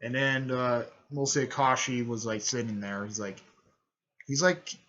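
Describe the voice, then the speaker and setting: A man casually retelling a fan-made story, rambling with many fillers and self-corrections, and jumping into quick raised-voice impressions of the characters. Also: fairly bright tone, dull audio. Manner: briefly raises his pitch to act out quoted lines.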